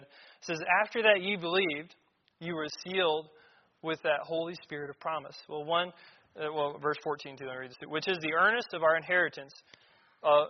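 A man with a fairly high voice preaches a sermon, reading verses and then driving points home with repeated words. His voice rings through a church hall with a long reverb. The sound is dull and lo-fi. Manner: reads scripture aloud then explains it, emphatic repetitions.

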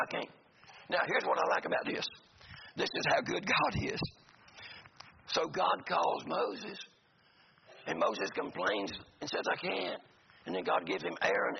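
Male pastor, gravelly voice, folksy and joking, dull lo-fi church recording. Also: on the high side. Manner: folksy, joking asides to the congregation. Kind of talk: sermon. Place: church sanctuary. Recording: gravelly voice in a reverberant hall, dull lo-fi sound, faint noise.

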